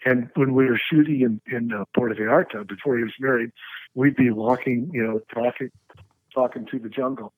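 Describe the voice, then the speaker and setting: A man who is a stunt performer, telling lively, laughing anecdotes and slipping into impressions during a radio interview. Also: mid-range voice, a little fast, husky, no echo, poor audio. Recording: dry radio studio.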